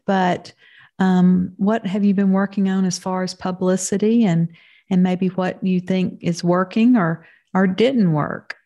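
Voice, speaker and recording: A woman's voice: medium pitch, warm tone. A woman over fifty hosting a podcast, asking encouraging, open questions. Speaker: podcast host. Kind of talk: interview questions.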